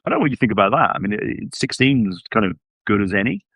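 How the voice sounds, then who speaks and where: A deep-voiced man hosts a relaxed podcast discussion, thinking out loud and checking in with tags like "right?" and "isn't it?". His voice comes through dry and close on a video call mic. He keeps a casual, conversational pace. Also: very fast, dry recording. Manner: relaxed, reasoning aloud with rhetorical tags. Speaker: podcast host.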